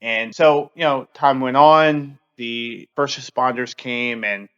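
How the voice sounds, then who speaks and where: A man in his thirties speaks at an ordinary middle pitch, earnest and open as he tells a personal story on his podcast. His talk is halting and full of fillers. The recording sounds slightly dull and lo-fi. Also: fairly even intonation, a bit bright, clear, resonant tone. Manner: halting, heavy use of fillers. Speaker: podcast host.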